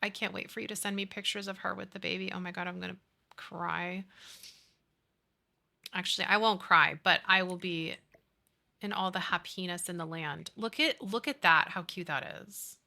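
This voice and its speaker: A woman's voice: fairly low pitch, steady tone, normal speed, vocal fry, bright, forceful tone. A woman in her thirties chatting casually with her live-stream chat, gushing and reading out viewers' messages.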